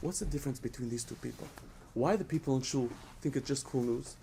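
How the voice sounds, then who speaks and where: A man's voice: mid-range voice, fast, gravelly, slight background noise. A man giving a storytelling lesson to children, asking them questions along the way. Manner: asks the audience questions, animated storytelling. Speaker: speaker at a children's program.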